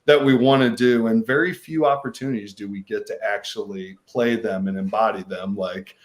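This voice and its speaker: A man from Missouri, an actor, speaking as a guest on a panel. He talks in halting bursts with frequent restarts. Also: on the low side, steady tone. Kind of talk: panel discussion.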